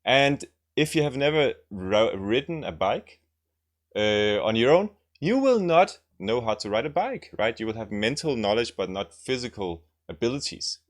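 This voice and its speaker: A man's voice: mid-range voice, animated, normal speed. A man teaching language lessons, explaining grammar and repeating example sentences, often checking in with "right?".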